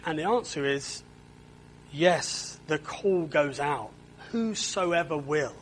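Slow, earnest high-voiced preacher. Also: male voice, slight background noise, low-quality recording. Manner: earnest, repeats words when stressing a point. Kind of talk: sermon.

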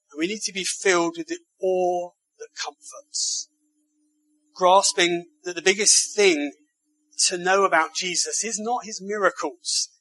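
High, bright-voiced man preaching a sermon. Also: breathy edge, dry recording, low-quality recording. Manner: rhetorical tag questions to the congregation; emphatic, building phrases.

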